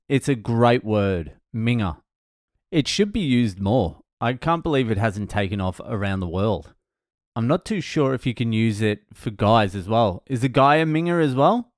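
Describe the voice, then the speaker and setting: A stand-up comedian recounting gigs in a casual monologue, blunt and self-mocking, swearing freely. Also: male voice, medium pitch, no echo, clean studio sound.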